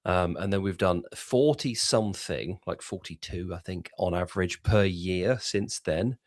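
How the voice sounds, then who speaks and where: A man's voice: low voice, a little slow, no echo, studio quality. A British man co-hosting a podcast in chatty, joking conversation. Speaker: podcast co-host. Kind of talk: casual chat.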